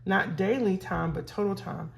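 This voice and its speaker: A woman's voice: medium pitch, moderate pace, vocal fry, slight background noise. A middle-aged woman hosting a budgeting vlog, chatting casually with her viewers while counting cash. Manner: chatty, relaxed, talks to viewers as y'all. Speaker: budgeting vlogger host.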